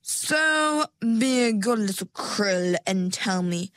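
A woman reading puts on a controlling mer-woman from a storybook. Her voice drips slow and sweet, patronizing and a little louder than the narration. The sound is dry and close. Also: medium pitch, expressive, no echo. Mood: sugary menace. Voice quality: syrupy, drawn-out and sweet. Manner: patronizing, with sugary pet names.

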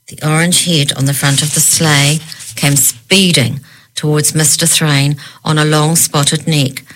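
Low-voiced woman reading a storybook. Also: fairly bright tone, low-quality recording. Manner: reads steadily and lifts her voice for each character's lines. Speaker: audiobook narrator. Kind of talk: storybook narration with character voices.

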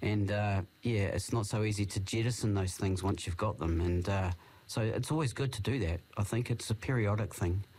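A man, hosting a casual radio chat about faith, gentle and affirming with small hesitations. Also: lowish voice, moderate pace.

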